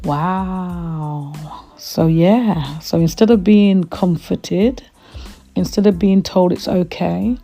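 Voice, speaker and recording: Woman, podcast host, candid storytelling, gravelly, dark tone. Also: lowish voice, steady tone, takes it slowly, soft background music. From Trinidad.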